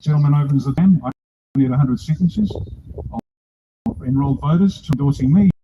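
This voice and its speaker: A man's voice: fairly high pitch, moderate pace, highs cut off, noisy background. An older man with an Australian accent, giving a blunt, rousing, joking speech at an outdoor rally. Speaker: political speaker at a rally.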